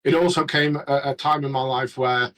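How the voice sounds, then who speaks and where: A man chatting casually as a regular on a podcast, rambling and halting with many restarts. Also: mid-range voice, steady tone, a bit bright, rough recording. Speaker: regular panelist.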